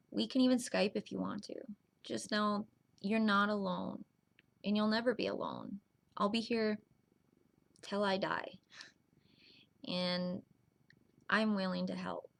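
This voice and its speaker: A young woman talks straight to her viewers in a heartfelt vlog. Her voice sits at a middling pitch with a gravelly fry running through it. She speaks earnestly and reassuringly, slowing down and restarting words as she goes. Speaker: vlogger. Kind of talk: heartfelt direct-to-camera vlog.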